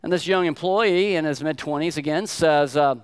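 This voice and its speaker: An older man preaching a sermon, telling stories emphatically with sharp swings in loudness. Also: fairly high pitch, normal speed, clear, resonant tone. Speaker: pastor.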